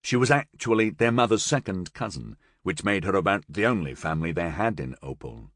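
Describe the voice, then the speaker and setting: A man narrating an audiobook, reading with expressive storytelling from a close mic. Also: deep voice, a little fast, no room sound. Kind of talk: scripted narration.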